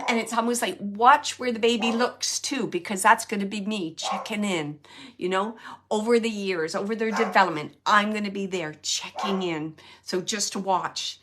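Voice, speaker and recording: An earnest woman medium gives live readings, talking straight to the person she reads for. She repeats her phrases for emphasis, and her voice sits at an everyday middle pitch. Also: moderate pace, noisy background. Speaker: psychic medium and show host.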